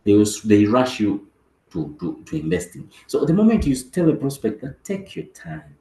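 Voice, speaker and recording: Animated man coaching a team. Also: fairly low pitch, moderate pace, reverberant, poor audio. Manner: animated, acts out dialogue, repeats words. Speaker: business team trainer. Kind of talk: motivational training talk.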